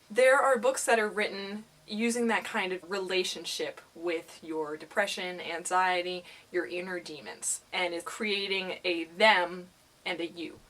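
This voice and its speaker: A woman talking candidly in a casual vlog, sitting on the floor indoors, animated and exclamatory, with self-mocking asides. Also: fairly low pitch, normal speed. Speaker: vlogger.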